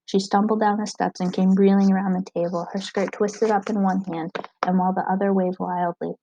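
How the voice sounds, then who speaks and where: A woman reading a novel aloud, narrating in a steady, even way. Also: medium pitch, brisk, muffled recording, slight background noise. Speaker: audiobook reader.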